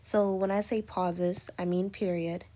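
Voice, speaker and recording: A woman's voice: lowish voice, flat delivery, measured pace, dark tone. A woman teaching an English lesson, explaining punctuation step by step with many spoken examples and fillers. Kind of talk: recorded lecture on punctuation.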